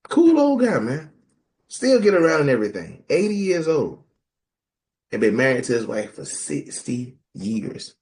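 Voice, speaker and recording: Lively, animated man in casual talk. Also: medium pitch, a little slow. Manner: animated, jokey, mimics people in quoted voices. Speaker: podcast co-host. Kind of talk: casual group talk on scripture.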